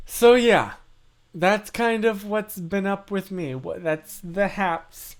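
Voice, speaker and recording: A young man hosts a casual livestream, reading comments aloud and poking fun at himself. His voice sits high, and he talks in an unhurried, relaxed way. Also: smooth. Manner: playful, self-deprecating, chatty. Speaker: livestream host.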